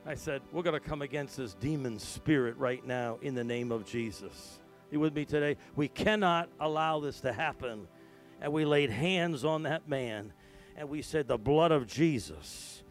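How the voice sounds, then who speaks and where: A middle-aged man preaching a sermon as a pastor, telling a story that swings from hushed to loud and emphatic. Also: fairly high pitch, moderate pace, soft background music.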